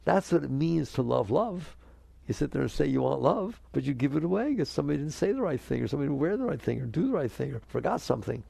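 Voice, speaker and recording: A man's voice: a little high, sing-song, fast talker, creaky, mellow, breathy edge, no room sound. An older man giving a spiritual talk to an audience, asking them questions and acting out inner voices. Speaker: spiritual teacher.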